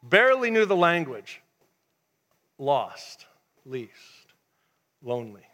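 A male pastor preaching a sermon in church, telling a lively story and dropping to a hush for emphasis. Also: fairly high pitch, slow. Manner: animated storytelling, swings from loud to hushed. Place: church sanctuary.

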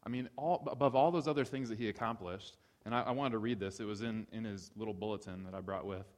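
Lowish-voiced guy from ohio preaching, repeats his points, long echo in a big hall. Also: fast talker. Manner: animated storyteller, repeats key phrases. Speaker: speaker. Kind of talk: sermon-style talk. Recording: reverberant hall.

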